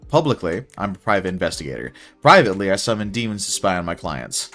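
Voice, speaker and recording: A man's voice: low-pitched, sing-song, quick pace, few pauses, sharp tone, faint music behind. A young man reading his own first-person story aloud in a wry, casual way.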